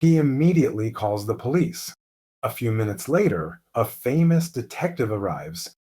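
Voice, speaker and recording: A man narrating a mystery story slowly and clearly as host of a lesson for English learners. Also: mid-range voice. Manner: calm, clear, deliberate.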